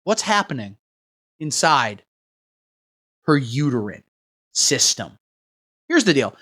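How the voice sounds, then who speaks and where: A man hosting a satirical livestream, riffing crudely in a rambling, deadpan way while he reads the chat. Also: mid-range voice, slow pace. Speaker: livestream host. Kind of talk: satirical livestream comedy rant.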